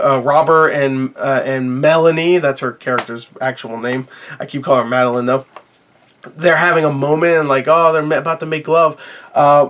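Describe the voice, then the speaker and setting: A man's voice: fairly high pitch, fairly bright tone. A man giving a rambling, profane movie review with frequent laughter and a sore throat. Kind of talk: casual spoiler review to camera.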